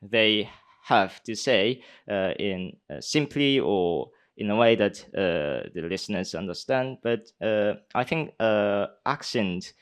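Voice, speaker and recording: A young man answers questions slowly and with care, his voice low-pitched but smooth and clear. He fills gaps with uh and um and restarts his sentences as he searches for words. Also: lively intonation. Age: young adult. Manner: hesitant, many uh and um fillers, restarts. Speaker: speech contestant answering judges. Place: conference hall.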